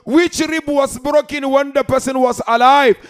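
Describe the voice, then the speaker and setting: A man preaching a mourning sermon, half-singing the story with emotional, loud cries. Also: extremely high pitch, steady tone, a little slow. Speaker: preacher reciting a mourning narration.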